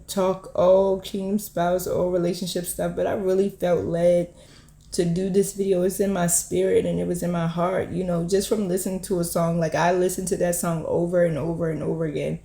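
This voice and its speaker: A woman's voice: on the low side, a little mellow, echoey room. A woman hosting her own channel, giving a heartfelt, encouraging prophetic word to camera in an earnest way, often repeating herself and saying "you know".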